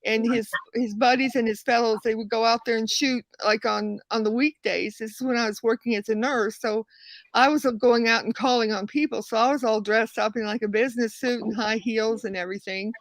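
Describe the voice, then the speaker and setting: A woman host telling a long story in a casual, rambling, animated way, often restarting her sentences. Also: on the high side, brisk, dry recording. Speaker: show host.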